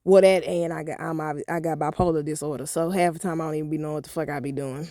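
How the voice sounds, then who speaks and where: A woman's voice: low-pitched, quick pace, no echo, clean studio sound. Blunt, cursing woman vlogger. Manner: animated, profane, blunt storytelling. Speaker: motivational vlogger. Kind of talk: storytime vlog.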